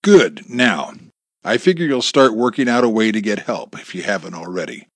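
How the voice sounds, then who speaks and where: Man putting on a cruel mocking kidnapper, lively swinging voice, dry sound. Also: lowish voice, normal speed, dry recording. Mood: taunting. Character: menacing sarcastic male kidnapper on phone.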